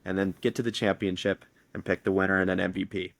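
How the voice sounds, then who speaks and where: A man hosting a casual sports podcast, steering the picks with quick asides and laughter. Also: low-pitched, flat delivery, gravelly, a bit bright, no echo. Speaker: podcast host.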